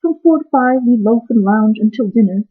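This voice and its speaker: A woman's voice: fairly high pitch, expressive, fairly quick, slightly rough. Woman doing sleepy lazy storybook folk. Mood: drowsy. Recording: tinny phone-like sound.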